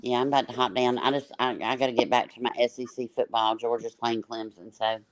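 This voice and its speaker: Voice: mid-range voice, flat delivery, fast, crowd noise. A panel guest chatting on a livestream, rambling and restarting sentences with lots of fillers. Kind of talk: casual livestream chat.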